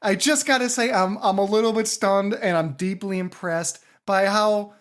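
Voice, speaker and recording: A man's voice: sits high, moderate pace. A man co-hosting a podcast in casual chat, hyped and jokey, swearing freely. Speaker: podcast co-host.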